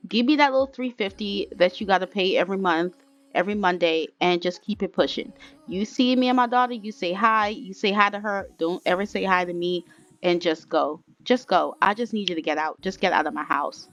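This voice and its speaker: A woman voicing a sharp-tongued young mother, sassy and emphatic. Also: lowish voice, measured pace, lightly acted. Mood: angry.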